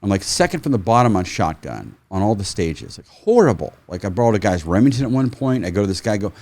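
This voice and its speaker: A middle-aged man, a firearms trainer, telling stories in a casual, animated way, swearing freely and acting out quotes. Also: lowish voice, fast, no echo. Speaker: firearms trainer, podcast guest. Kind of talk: casual storytelling.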